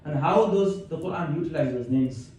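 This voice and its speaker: This Islamic scholar's fairly high, slightly mellow male voice is animated and keeps a normal speed. He gives a conversational religious lecture in a community centre hall, reciting verses and explaining them. Heavy echo, a distant mic and faint noise mark the recording.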